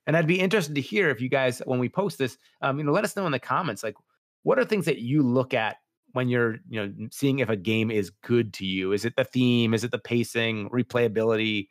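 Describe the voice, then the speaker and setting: A man's voice: medium pitch, dry recording, studio quality. A man hosting a podcast, chatting casually and loosely about tabletop games, with many fillers. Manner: rambling, loose, full of fillers. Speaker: podcast host.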